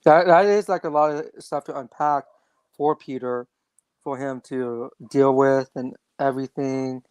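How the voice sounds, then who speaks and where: A co-host in casual podcast chat, giggling often and jumping in with quick follow-up questions. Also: mid-range voice, steady tone, darkish tone, clear, resonant tone, dry recording.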